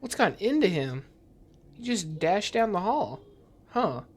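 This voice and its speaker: Gameplay commentator, reads horror game dialogue aloud, hushed and uneasy, mid-pitched voice. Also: big pitch swings, unhurried, slightly rough. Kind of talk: reading game dialogue aloud while playing.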